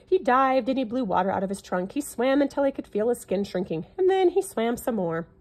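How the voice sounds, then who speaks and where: A woman reading a classic children's picture book aloud in an expressive storytelling manner. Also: fairly high pitch, a little fast.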